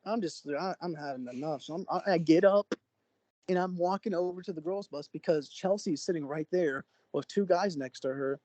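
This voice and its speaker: A young man from Oklahoma, a podcast co-host, telling a story in an animated, excitable way with sudden jumps in pitch. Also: moderate pace, no room sound, low-quality recording. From Oklahoma, USA. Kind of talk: casual storytelling.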